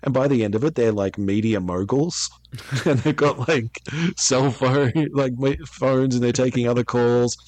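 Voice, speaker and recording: A man chatting casually about tabletop games as a podcast co-host, animated and quick to laugh. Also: medium pitch, no room sound. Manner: animated, laughs often, acts out quotes.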